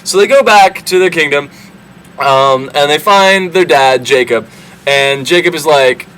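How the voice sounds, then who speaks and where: A man's voice: fairly high pitch, a little slow, fairly bright tone, smooth, rough recording. A young man casually retelling an old story for laughs, irreverent and full of fillers. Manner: irreverent, swearing, lots of fillers. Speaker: comedic storyteller.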